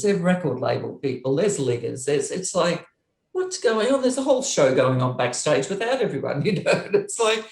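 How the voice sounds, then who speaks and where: A middle-aged woman, a former touring roadie, telling a story in an interview, acting out the dialogue and laughing as she goes. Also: roomy sound. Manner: lively, acts out quoted dialogue with big pitch jumps.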